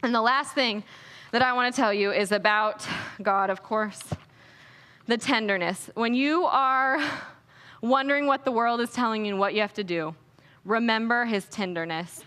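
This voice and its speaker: A young woman speaking at a conference, giving an energetic, playful and earnest inspirational Christian talk on a stage microphone in an echoey hall. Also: fairly high pitch, moderate pace. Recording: echoey hall with long reverb.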